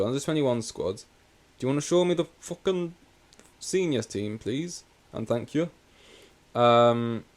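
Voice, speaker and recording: Rambling, sweary man, podcast host. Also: lowish voice. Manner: rambling, sweary, wry complaints. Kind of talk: casual football chat.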